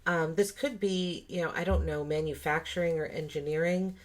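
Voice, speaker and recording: Low-voiced woman musing through a tarot reading. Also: fairly even intonation, moderate pace. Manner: musing, thinking aloud with many fillers and restarts. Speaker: tarot reader. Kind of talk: casual spoken tarot reading.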